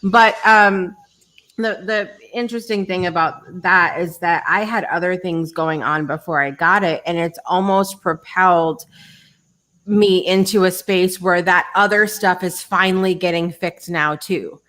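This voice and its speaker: A woman's voice: fairly low pitch, fairly even intonation, measured pace, fairly bright tone. A woman hosting a casual chat show, talking in a reflective way with many restarts. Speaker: host.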